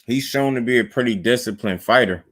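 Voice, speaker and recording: A man co-hosting a casual boxing chat, measured and analytical, often backing his partner with "mm-hmm". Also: medium pitch, fairly bright tone. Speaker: podcast co-host.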